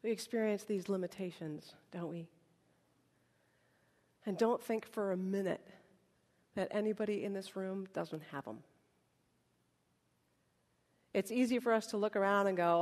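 A woman's voice: mid-range voice, moderate pace, pauses often, darkish tone. A woman preacher giving a conversational, humorous sermon, acting out little dialogues, in a large worship hall. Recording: reverberant hall.

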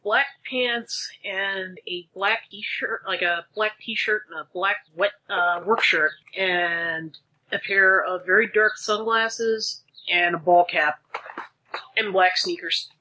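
A woman's voice: medium pitch, fairly even intonation, sharp tone, low-quality recording. A woman playing in a tabletop role-playing game, hesitantly describing her character's outfit. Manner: hesitant, listing clothes slowly. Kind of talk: casual game chat.

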